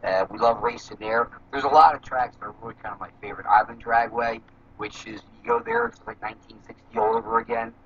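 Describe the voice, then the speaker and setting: A man being interviewed about drag racing, talking casually and rambling with many fillers. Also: fairly low pitch. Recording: slightly dull with faint noise.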